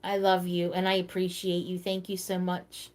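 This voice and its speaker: A woman hosting a casual live stream, chatting with viewers by name and thinking out loud. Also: on the low side, monotone, moderate pace. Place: seated at home in a wheelchair.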